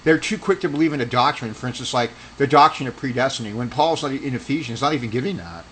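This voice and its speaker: A man's voice: mid-range voice, expressive, quick pace, fairly bright tone, poor audio. Heated argumentative man with faint noise. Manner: rambling with restarts. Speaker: religious commentator. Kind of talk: casual monologue.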